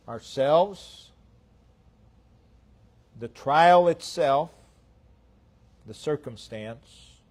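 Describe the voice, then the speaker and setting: Slow, deliberate male preacher. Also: a little high, darkish tone. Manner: slow, deliberate preaching with pauses between phrases; voice falls away at the ends of phrases. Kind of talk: sermon. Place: church.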